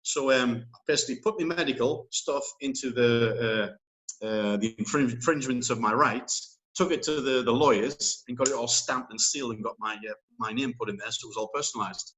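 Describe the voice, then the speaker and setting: A man's voice: medium pitch, a little fast, fairly bright tone, rough recording. Rambling man telling a story. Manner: rambling, emphatic storytelling with many fillers. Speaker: interview guest. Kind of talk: casual chat.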